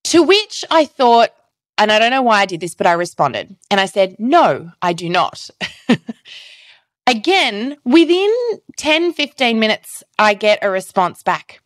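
A woman hosting a solo podcast, telling stories in an animated way and acting out the messages she quotes. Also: a little high, unhurried, no echo. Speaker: podcast host.

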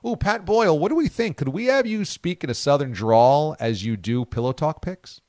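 Male sports radio host, animated, joking banter, lively pitch swings, dry close mic. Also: normal speed, no room sound. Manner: animated, incredulous, jokey.

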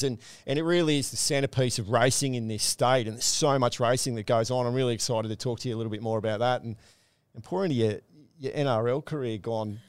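A man's voice: mid-range voice, smooth, dry recording. A middle-aged Australian man hosting a racing podcast, telling stories and bantering casually with his guests. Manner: chatty storyteller, relaxed banter. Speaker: podcast host. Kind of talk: casual chat.

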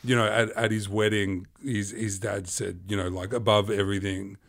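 A man's voice: on the low side, steady tone, normal speed, a bit bright, no room sound, clean studio sound. A man co-hosting a podcast, chatting casually in a wry, drily joking way. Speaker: podcast co-host. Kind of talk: casual chat.

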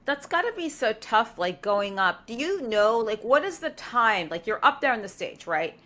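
A woman hosts a casual podcast and asks long, rambling questions of her guest. Her voice runs a little high. She moves easily from chatting into a sponsor read. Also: sing-song, moderate pace, a bit bright. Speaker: podcast host.

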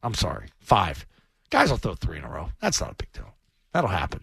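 A man co-hosting sports radio talk as a former quarterback, blunt and animated, swearing casually. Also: sits low, brisk, vocal fry, husky, dry recording.

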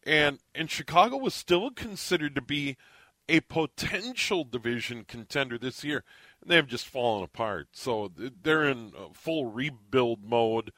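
A man talking sports on the radio in a measured, analytical way. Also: mid-range voice, lively intonation, pushed and bright, no echo. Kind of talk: sports commentary chat.

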